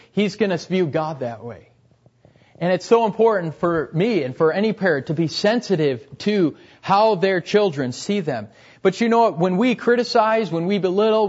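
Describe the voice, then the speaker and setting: A young man preaching a sermon earnestly, repeating key phrases and letting his voice drop at the end of each point. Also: high-pitched. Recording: dull, lo-fi recording.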